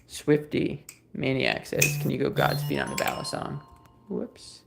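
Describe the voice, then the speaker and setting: Gravelly-voiced man chatting on a livestream. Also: medium pitch, sing-song, a little slow, music in the background. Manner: rambling, easygoing, many fillers and restarts. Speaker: livestream host. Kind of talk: casual livestream chat, reading viewer comments.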